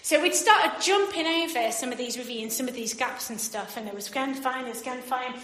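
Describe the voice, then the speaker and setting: A woman with a bright, high voice tells a funny story to a live audience. She is animated, laughs often, and acts out the voices of everyone in it. Her voice rings in an echoey room. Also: brisk. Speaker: speaker.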